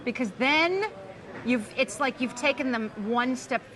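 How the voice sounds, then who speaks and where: A woman's voice: sits high, expressive, a crowd in the background. A woman comedian talking in an interview, thoughtful and reflective. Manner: quick, thoughtful, with fillers and restarts. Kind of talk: interview talk.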